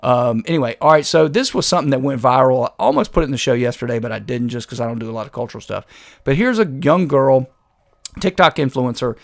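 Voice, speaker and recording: A man's voice: medium pitch, fast talker, creaky. A man hosting a political commentary show, talking in a sarcastic, combative way. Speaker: host.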